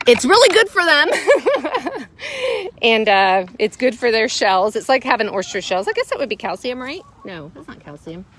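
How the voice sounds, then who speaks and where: A woman's voice: fairly high pitch, big pitch swings, moderate pace, fairly bright tone. A middle-aged woman with a Southern US accent, chatting casually on a livestream, laughing often and cooing at her pets. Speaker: vlog host. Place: outdoors at a home with hens.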